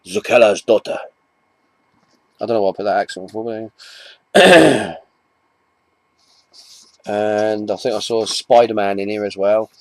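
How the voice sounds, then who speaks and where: A man's voice: fairly low pitch, unhurried, pauses often, dry recording. Chatty English man rambling to camera. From England. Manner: rambling, chatty, restarts often, self-mocking asides. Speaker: comic collector vlogger. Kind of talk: casual chat to camera.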